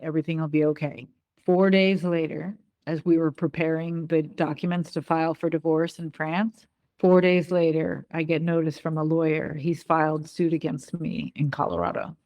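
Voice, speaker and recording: A woman's voice: on the low side, a little mellow, dry recording. Middle-aged woman telling her story, shaky, restarts a lot, dry sound. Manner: emotional, halting, with restarts. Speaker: guest. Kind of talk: personal story in an interview.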